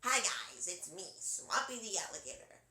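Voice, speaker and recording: A man voicing a shy, laid-back male cartoon alligator who speaks softly. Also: sits high, sing-song, normal speed, echoey room, exaggerated voice. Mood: wistful.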